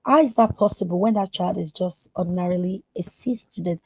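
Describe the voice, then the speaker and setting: A woman's voice: lowish voice, fairly quick, husky, dry recording, poor audio. A woman therapist speaking as a podcast guest, earnest and emphatic. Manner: emphatic, acts out quoted voices.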